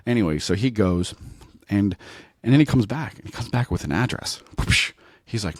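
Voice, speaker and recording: A man's voice: on the low side, lively intonation, fairly quick, dark tone, no echo, studio quality. A man hosting his podcast, telling a rambling comic story and checking in with "right?" and "you know?". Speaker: podcast host.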